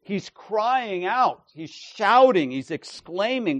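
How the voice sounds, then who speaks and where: A man preaching at an unhurried pace in a slightly high voice. He is emphatic, asks his listeners "right?" as he goes, and acts out the lines he quotes. The sound is dry and close. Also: animated, no room sound, dull audio. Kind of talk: expository sermon.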